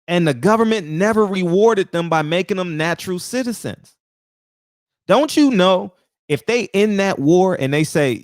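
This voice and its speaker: A man's voice: animated, normal speed, no echo, studio quality. A man hosting a casual opinion monologue, heated and profane, who fires off rhetorical questions and repeats words for emphasis. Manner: repeats words for emphasis, swings high and low. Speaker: show host.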